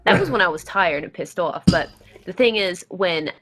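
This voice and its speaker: A woman with a slight New Jersey accent, co-hosting a casual gaming chat, talking quickly, laughing often and swearing freely. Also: lowish voice, animated, fairly bright tone. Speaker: podcast co-host.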